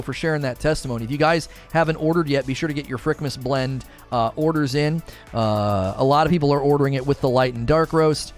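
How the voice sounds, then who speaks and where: A man in his thirties chatting casually on a live stream as the streamer, rambling with many fillers and restarts. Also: medium pitch.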